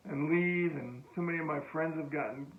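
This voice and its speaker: An older American man, a veteran, recounting a story in a halting oral-history style with frequent restarts and chuckles. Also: fairly high pitch. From United States. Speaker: veteran telling a war story. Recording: tinny phone-like echoey room.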